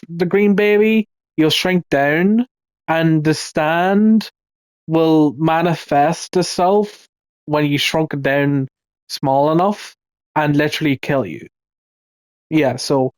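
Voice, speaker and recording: A man's voice: fairly high pitch, darkish tone, dry recording. Guy ranting on a video, swears a lot, rambly, dry close sound. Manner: rambling, swears often, many restarts and fillers. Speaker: video commentator. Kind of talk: casual ranting commentary.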